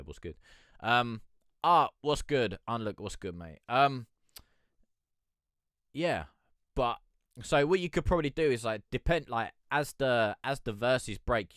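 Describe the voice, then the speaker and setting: Rambling man with a lively, low voice. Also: clean tone, no echo, clean studio sound. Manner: rambling, swears freely, laughs often. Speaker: music review livestream host. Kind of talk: casual live-stream chat.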